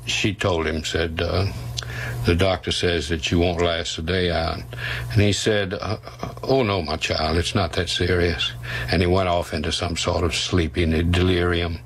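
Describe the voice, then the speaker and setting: A man recounting a historical scene in a slow, measured way, pausing often. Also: sits low, level tone, fairly bright tone, a little hiss or hum, poor audio. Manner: slow, measured, with frequent pauses. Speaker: historian interviewee. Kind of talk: unhurried historical storytelling.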